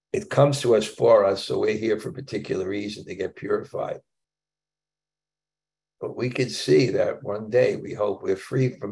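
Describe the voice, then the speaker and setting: A man leads a scripture class, his voice pitched a little low and rough with fry. He talks casually, restarting phrases and dropping in chuckling asides as he explains the text. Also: a little mellow.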